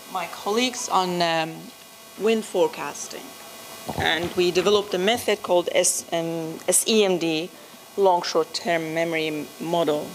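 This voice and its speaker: A woman's voice: fairly low pitch, a little hiss or hum, rough recording. Hesitant woman presenting at a conference. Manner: hesitant, with frequent fillers. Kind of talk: academic conference talk. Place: conference room.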